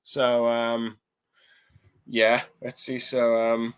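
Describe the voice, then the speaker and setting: A man casually recapping and reviewing a comic chapter, rambling and filling pauses with many ums and self-corrections, sounding a little tired. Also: medium pitch, monotone, clear, resonant tone.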